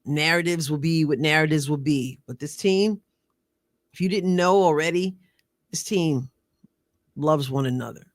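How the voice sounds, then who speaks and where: A woman's voice: sits low, measured pace, long pauses, no echo. A woman hosting a commentary video, talking earnestly and repeating phrases for emphasis. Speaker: show host.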